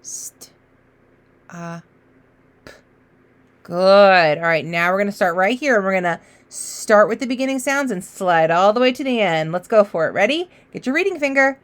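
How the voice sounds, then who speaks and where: Slow, encouraging woman teacher. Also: medium pitch, expressive. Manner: warm, encouraging, sounds out letters slowly. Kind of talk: children's phonics lesson.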